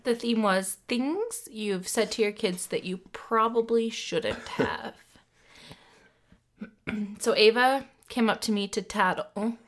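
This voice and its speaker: A woman's voice: fairly high pitch, slow pace. A woman co-hosting a podcast, chatting casually and teasing her co-host. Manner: playful, teasing. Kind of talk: casual chat.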